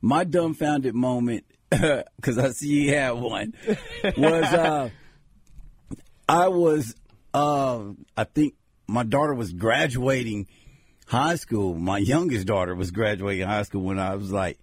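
A man's voice: medium pitch, slow pace, husky, no room sound. An American man in his forties, co-hosting a casual podcast, who tells jokey stories and slips into mock voices. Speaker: co-host.

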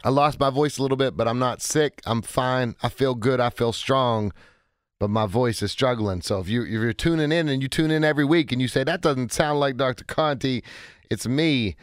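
A man in his forties hosting a call-in radio show, talking in an energetic, chatty way with a hoarse, cracking voice. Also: mid-range voice, normal speed, no echo, clean studio sound. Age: 40s. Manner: energetic, chatty, self-interrupting. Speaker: radio talk show host.

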